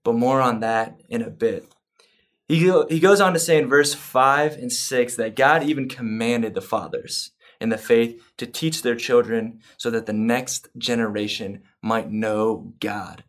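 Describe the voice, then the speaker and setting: A man preaching to a church, earnest and growing excited as he explains scripture, with some fillers. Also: mid-range voice, unhurried. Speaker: pastor. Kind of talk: sermon.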